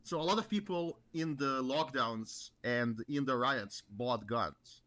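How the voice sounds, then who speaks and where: Guy talking as a guest, mid voice, kinda halting, repeats words, dry close sound. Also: medium pitch, pushed and bright, no room sound. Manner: measured, halting, repeats words while he thinks. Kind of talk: casual chat.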